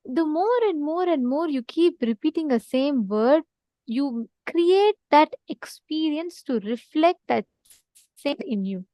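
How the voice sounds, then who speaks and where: Woman, spiritual teacher, earnest and repetitive; high voice, dry close sound. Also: expressive, slow, dark tone, no room sound. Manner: earnest, repetitive, prompts listeners to respond. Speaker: spiritual teacher in an online session. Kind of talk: spiritual talk to an online audience.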